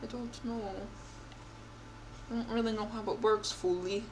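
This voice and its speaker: A woman's voice: on the high side, steady tone, unhurried, a little mellow, a little hiss or hum. A young woman streamer reading a text game aloud and reacting, chatty and giggly, with a mock-indignant edge.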